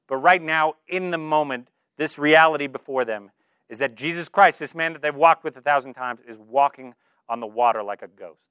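Male preacher, fairly high smooth voice, chatty and earnest, dry close sound. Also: a bit bright, no room sound. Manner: earnest, informal, filler-heavy with "like". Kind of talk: conversational sermon.

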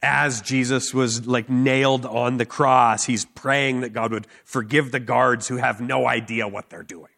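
A man preaching a sermon, telling a personal story with earnest emphasis, filler words and quick laughs. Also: medium pitch, fairly even intonation, vocal fry, fairly bright tone. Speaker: street preacher.

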